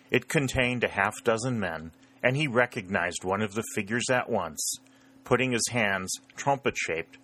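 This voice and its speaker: Man narrating a book, bright-toned. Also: fairly low pitch. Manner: steady, measured reading. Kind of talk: storybook narration.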